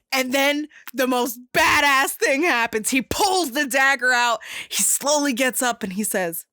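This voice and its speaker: A young woman hosting a podcast, casually and excitedly retelling a movie scene with lots of swearing and fillers. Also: fairly high pitch, takes it slowly, dry recording, studio quality. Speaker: podcast host.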